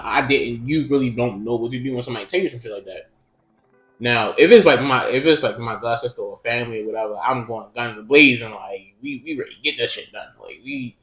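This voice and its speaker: Young man, casual storyteller, loose and profane, mid pitch, echoey room, faint music under. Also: fairly bright tone. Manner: profane, rambling storytelling with many fillers. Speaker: podcast co-host. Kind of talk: casual chat. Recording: roomy echo.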